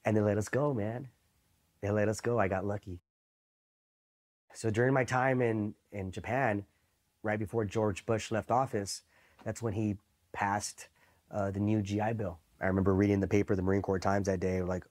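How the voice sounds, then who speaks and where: A man's voice: on the low side, fairly quick. A man from East Los Angeles, a Marine veteran in his thirties, telling war-era stories in a loose, profane way and acting out the voices of others. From East Los Angeles, USA. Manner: profane, animated, acts out quoted voices. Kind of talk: casual storytelling interview.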